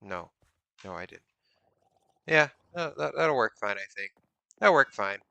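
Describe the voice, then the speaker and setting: A man's voice: medium pitch, big pitch swings, measured pace, creaky, sharp tone, no room sound. A man streaming a building game, counting blocks under his breath, reading chat aloud and teasing viewers with mock suspicion. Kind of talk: casual live-stream chat while playing.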